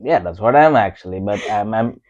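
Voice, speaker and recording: A young man with an Indian accent talks casually on a couples podcast, his low voice full of pauses and fillers. The sound is dry and a little dull, recorded close with no room around it. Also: lively intonation, darkish tone, no echo. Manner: hesitant, many fillers, self-deprecating. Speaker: podcast co-host. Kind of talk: casual conversation.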